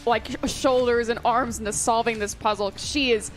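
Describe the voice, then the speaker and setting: A woman playing a tabletop game, describing her character in an animated, giggly way with many fillers. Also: on the high side, moderate pace, soft background music. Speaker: player. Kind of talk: tabletop role-play chat.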